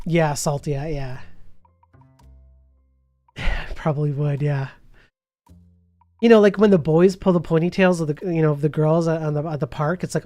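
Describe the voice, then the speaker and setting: A man's voice: a little high, moderate pace, long pauses, mellow, dry recording, faint music behind. A man, chatting casually on a live stream and reading viewer messages, laughing often, his voice a bit worn from hours of talking. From Canada.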